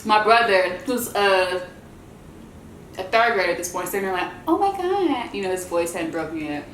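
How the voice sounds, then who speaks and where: A woman vlogger telling a story in a chatty, animated way while she eats, and she calls her viewers y'all. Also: fairly low pitch, moderate pace, roomy sound, slight background noise, low-quality recording. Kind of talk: casual storytelling while eating.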